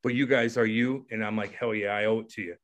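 Animated storytelling man, casual and swearing. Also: on the low side, fast talker. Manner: animated, swearing, acts out voices in his stories. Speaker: podcast guest, former hockey player.

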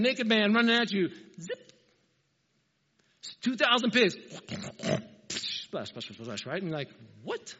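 A man preaching a sermon, telling the story with animated, emphatic asides. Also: high voice. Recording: reverberant hall, dull lo-fi sound.

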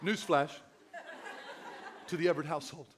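A middle-aged man pastor preaching a sermon in an animated, joking way. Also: a little high, moderate pace, slight background noise.

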